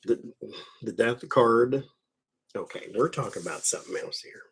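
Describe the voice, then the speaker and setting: A man reading tarot cards on a live stream, talking in a slow, conversational way with fussing asides. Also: medium pitch, gravelly, husky. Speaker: tarot reader.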